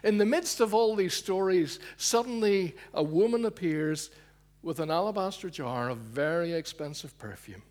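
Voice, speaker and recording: A man preaching a sermon, telling a story with loud emphasis that drops to hushed, low asides. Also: lively intonation, normal speed.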